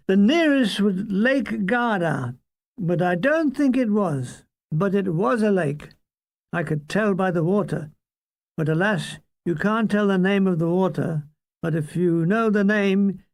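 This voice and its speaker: A man reading his own comic memoir aloud, dry and wry, with deadpan jokes and asides to the listener. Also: sits high, vocal fry, dry recording.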